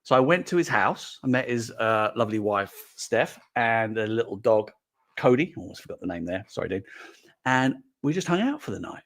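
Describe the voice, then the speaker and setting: A man's voice: mid-range voice, sing-song, moderate pace, a bit bright. A man hosting a toy collecting show, chatting animatedly and acting out quoted voices as he tells stories. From England. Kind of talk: casual monologue to camera.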